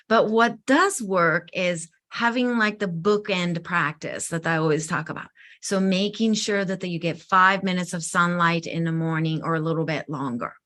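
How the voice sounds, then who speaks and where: A woman co-hosting a live wellness session, talking in a chatty, animated, self-deprecating way. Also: lowish voice. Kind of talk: casual talk.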